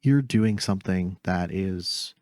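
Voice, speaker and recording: A man co-hosting a casual podcast, reflecting in a measured, thoughtful way. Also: deep voice, a little mellow, no room sound, studio quality. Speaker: podcast co-host.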